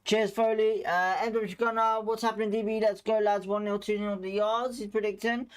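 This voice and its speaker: A man with a slightly high voice hosts a live football watchalong. He runs excitable play-by-play and reacts loudly to the chances. Between plays he greets the chat viewers in a casual, friendly way. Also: brisk, smooth. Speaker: watchalong host.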